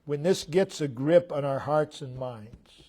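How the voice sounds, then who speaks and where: A man with an American accent delivers a sermon in a somewhat high voice. He speaks at an unhurried pace. He repeats short phrases with emphasis, rising loud and falling almost to a murmur. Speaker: preacher.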